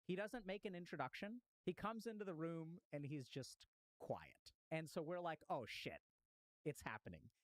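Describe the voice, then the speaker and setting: Male psychiatrist, animated casual storyteller, lively pitch, dry close sound. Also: moderate pace, no room sound, low-quality recording. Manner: lively, casual slang and swearing.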